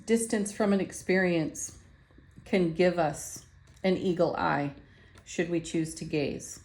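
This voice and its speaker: A woman giving a spiritual tarot card reading in a gentle, affirming way, laughing softly now and then. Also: fairly low pitch, slow, a little hiss or hum.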